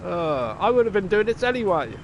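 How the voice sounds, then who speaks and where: Sweary, sarcastic streamer. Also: male voice, high voice, sing-song, brisk, dull audio, a little hiss or hum. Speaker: game streamer. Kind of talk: casual live-stream chat.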